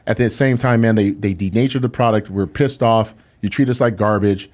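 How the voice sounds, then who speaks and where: A man with a lowish voice talks fairly quickly and hardly pauses as a guest in a podcast studio. His story comes out as a casual, animated, indignant retelling packed with "like" and "dude."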